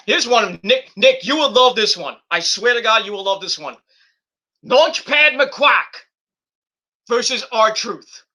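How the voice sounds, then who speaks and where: A man's voice: sits high, bright, forceful tone, breathy edge. A middle-aged man hosting a livestream, ranting casually and profanely with sarcastic mock quotes. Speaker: streamer host.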